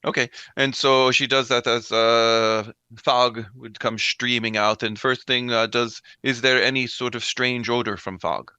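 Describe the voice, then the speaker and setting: Bright, dry-voiced game player. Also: male voice, mid-range voice, steady tone, measured pace, clear, resonant tone, no room sound. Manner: easygoing, thinking aloud. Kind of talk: casual game chat.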